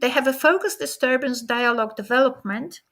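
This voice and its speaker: A woman's voice: high voice, fairly quick, fairly bright tone. A woman giving a conference keynote lecture, explaining to her listeners and often checking in with rhetorical questions. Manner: addresses the audience directly. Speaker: keynote speaker.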